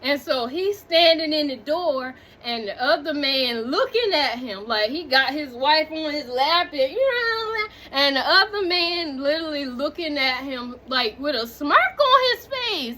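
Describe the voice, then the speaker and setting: A woman recapping a movie in casual chat, animated and talking straight to her viewers, drifting off on tangents. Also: high voice, unhurried. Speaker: movie reviewer.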